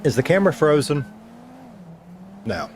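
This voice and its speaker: Against a noisy background, a man with a fairly high, very animated voice speaks unhurriedly. He's streaming a game and chatting in a rambling way, sometimes to himself and sometimes greeting his audience.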